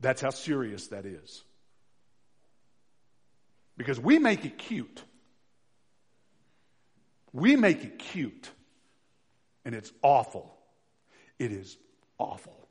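A man preaching a sermon to his congregation, asking them questions and swinging between loud shouted passages and quiet low ones. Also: huge pitch swings, slow, pauses often, husky, long reverb tail. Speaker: pastor.

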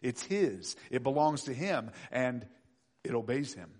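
A middle-aged man preaching a sermon, acting out voices and swinging from loud to hushed. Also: mid-range voice, sing-song, unhurried. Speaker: pastor.

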